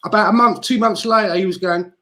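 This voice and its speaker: A man's voice: high-pitched, quick pace, bright, forceful tone. A man, co-hosting a football podcast, ranting and swearing in exasperation. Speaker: podcast co-host. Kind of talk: casual football fan chat.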